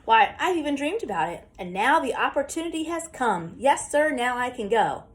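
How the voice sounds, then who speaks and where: A woman reading an audiobook, voicing an eager, kindly old country grandfather who is quick to get excited. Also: mid-range voice, close to an everyday voice. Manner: eager, hearty, rising with excitement. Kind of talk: audiobook character voice.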